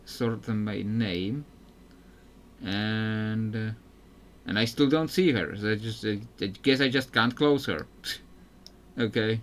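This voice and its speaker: A man's voice: on the low side, slow, long pauses, a bit bright, slight background noise. A man giving casual, rambling commentary while playing a video game, often restarting sentences and chuckling. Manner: rambling, self-interrupting, chuckling. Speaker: gameplay streamer.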